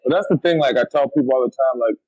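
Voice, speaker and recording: Speaking very fast in a mid-range, darkish, husky voice, a young Toronto battle rapper from Canada gives a casual interview. He's blunt and streetwise, with frequent slang and "you know what I mean," on a dry, rough recording.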